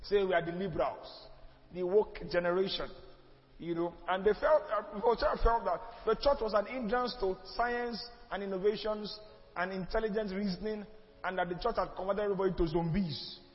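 A man's voice: high voice, moderate pace. A man with a Nigerian accent teaching a church history class, speaking emphatically and firing off rhetorical questions. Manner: emphatic, rhetorical questions, mixes in pidgin and Yoruba asides. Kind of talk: classroom lecture. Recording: echoey hall, muffled lo-fi sound.

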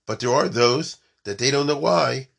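A man's voice: medium pitch, moderate pace, vocal fry, a bit bright, breathy edge. A man giving an informal storytelling lecture, mixing in Hebrew and Yiddish terms and often checking that his listeners follow.

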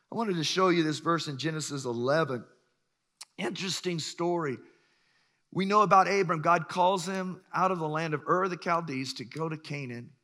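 A pastor in his sixties preaching a sermon, emphatic and swinging between loud bursts and hushed lines. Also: fairly high pitch. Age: 60s.

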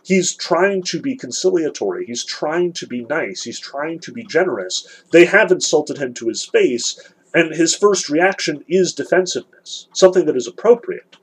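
A man's voice: fairly high pitch, lively intonation, moderate pace, husky, poor audio. A man giving an earnest literature lecture, reading passages and analyzing them, emphatic with frequent restarts.

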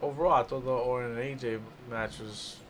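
A man's voice: mid-range voice, steady tone, fairly quick, a little hiss or hum. A man on a casual podcast, laid-back and hesitant, using slang. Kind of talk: casual chat.

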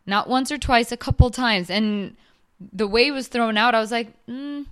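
A woman whose voice is on the high side, with a clean tone and a moderate pace, co-hosts a podcast. In casual chat, she rambles along with many restarts and fillers.

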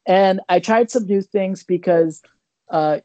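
Podcast co-host, rambling animated storyteller, mellow dark voice. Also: male voice, sits high, takes it slowly, dry recording, dull audio. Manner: rambling, animated, many restarts and fillers.

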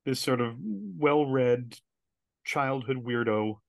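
A man speaking in a medium-pitched voice, telling stories with lively energy and slipping into other people's voices as he quotes them. His voice is recorded close and dry, with no room echo. He sounds like a guest in a casual interview. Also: takes it slowly, vocal fry. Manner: animated storyteller who acts out quoted voices.

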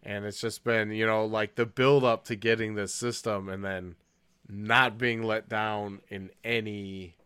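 A man's voice: lowish voice, steady tone, unhurried, fairly bright tone, smooth, no room sound, studio quality. A man co-hosting a podcast in casual chat, rambling and laughing at his own stories. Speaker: podcast co-host.

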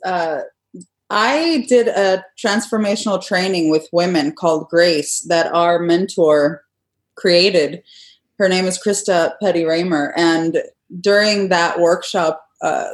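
A young adult woman, a guest, earnestly telling her own love story in a casual conversation. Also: on the low side.

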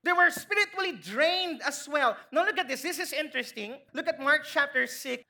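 A woman's voice: high-pitched, animated, moderate pace, pushed and bright. A woman with a Filipino accent preaching a sermon, asking the congregation questions and acting out quotes.

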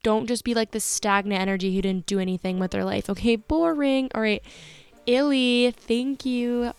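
A woman's voice: on the high side, fairly even intonation, moderate pace, clear, resonant tone, dry recording. A young woman hosting a podcast, giving candid, motivational advice in casual slangy talk. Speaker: podcast host.

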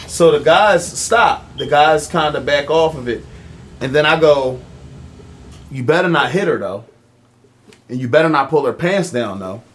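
A man's voice: fairly high pitch, lively intonation, measured pace, pauses often, a bit bright, a little hiss or hum. A young man, telling a long story on a casual podcast, with many ums and acted-out voices for the people in it. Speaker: podcast co-host.

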